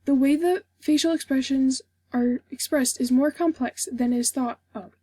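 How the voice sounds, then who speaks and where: A young woman with a high yet mellow voice delivers a prepared class speech, steady and formal as she reads from her script. Her tone is a little husky, and the recording is dry and close, with no room sound. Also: moderate pace, dry recording. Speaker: student giving a class speech. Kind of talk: read informative speech.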